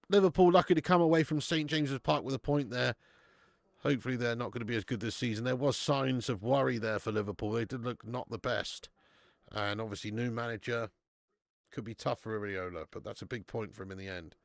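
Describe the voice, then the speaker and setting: A man hosting a live football stream from home, chatting loosely and swearing freely as he thanks viewers by name. His voice sits at an ordinary middle pitch. The sound is close and dry, with no room echo. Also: creaky. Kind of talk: casual live watch-along chat.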